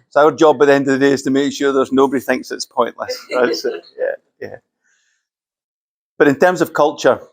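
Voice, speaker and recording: A middle-aged Scottish man giving a conversational, lightly joking talk to a live audience, telling anecdotes. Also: mid-range voice. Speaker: keynote speaker.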